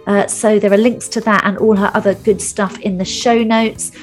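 A woman's voice: mid-range voice, steady tone, normal speed, darkish tone, faint music behind. A woman hosting a podcast, making wry joking asides between questions and in her outro. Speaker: podcast host.

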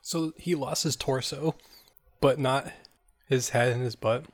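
A man's voice: medium pitch, fairly even intonation, unhurried. Dry-joking man on a podcast. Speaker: podcast co-host. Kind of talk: casual podcast chat.

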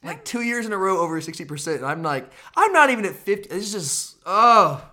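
A man talks through his losing bets in casual podcast chat, exasperated and self-mocking. His pitch swings widely as he rambles on. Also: very animated, a little fast, sharp tone. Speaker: podcast co-host. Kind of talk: casual sports betting chat.

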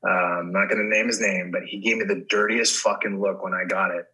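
A middle-aged actor as a guest in a casual chat, telling rambling stories full of restarts and swearing. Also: male voice, low-pitched, steady tone, fairly quick, bright, forceful tone, low-quality recording.

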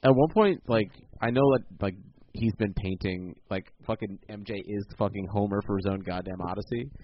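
A man's voice: lowish voice, moderate pace. A man co-hosting a podcast in casual chat, laid-back and casually swearing. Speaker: podcast co-host. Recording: dull lo-fi sound with faint noise.

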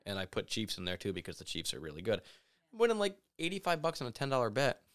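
A man with a somewhat low voice co-hosting a sports podcast. He talks casually and with opinions, and he gets animated when he makes his case. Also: fast talker. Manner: animated, opinionated, mimics people in asides. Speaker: podcast co-host.

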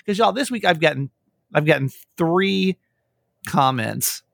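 Animated young man with a gravelly voice. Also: on the high side, a little slow, dry recording. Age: young adult. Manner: animated storytelling, acting out quotes, frequent swearing. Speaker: radio and podcast host. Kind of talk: casual podcast chat.

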